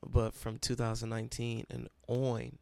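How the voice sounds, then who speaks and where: A man's voice: mid-range voice, completely flat delivery, moderate pace, vocal fry, mellow, no room sound. A young man who leads a college Bible study, telling his own story with emotion and close to tears. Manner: emotional and self-described dramatic, near tears. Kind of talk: personal testimony storytelling.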